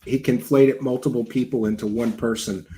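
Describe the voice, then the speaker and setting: Sarcastic guy hosting a reaction show, mocking everything, mid-pitched voice. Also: fairly even intonation, brisk, dark tone, slight background noise. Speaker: show host reacting to clips. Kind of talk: sarcastic commentary over video clips.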